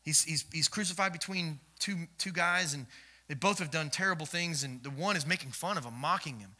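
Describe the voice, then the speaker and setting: Bright, high-voiced preaching man. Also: brisk. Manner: dynamic preaching, swings from loud to hushed, acts out quoted voices. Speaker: pastor. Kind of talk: sermon.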